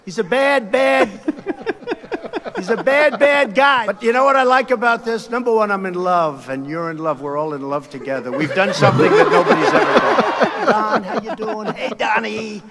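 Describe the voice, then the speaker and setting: A man putting on a rambling, self-praising older politician in a comic impression, his voice pushed very high and swinging widely up and down. The delivery is bright and sharp, with shouted boasts that wander from one thought to the next. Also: expressive, normal speed. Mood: boastful.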